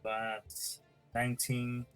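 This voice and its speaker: An excitable man playing a tabletop game, quick to jump in and act out his character, his voice pitched in an ordinary middle range. Soft music runs faintly under the table talk. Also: smooth. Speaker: player.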